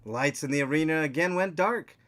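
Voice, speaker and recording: A man co-hosting a game podcast, playing and narrating the story in a relaxed, dry way. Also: a little high, brisk. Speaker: podcast co-host and player. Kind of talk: casual chat and story narration.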